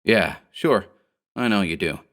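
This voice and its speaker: A man's voice: low-pitched, lively intonation, unhurried, fairly bright tone. A man voicing a cocky, scornful 1930s gang boss who talks in harsh gangster slang, in a horror audiobook.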